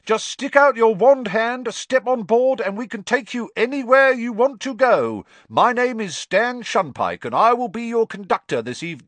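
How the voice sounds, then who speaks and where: A man voicing a cheeky, brash young wizard bus conductor with loud, rough working-class speech. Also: extremely high pitch, big pitch swings, normal speed, hardly any pauses, dry recording, voice pushed up, exaggerated voice. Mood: showy. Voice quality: broad dropped-letter working-class speech.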